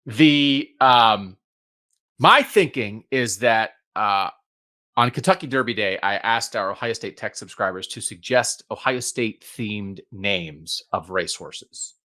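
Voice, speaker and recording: A man's voice: lowish voice, measured pace, pushed and bright. A man hosting a sports podcast in casual chat, with a wry, teasing manner. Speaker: podcast host.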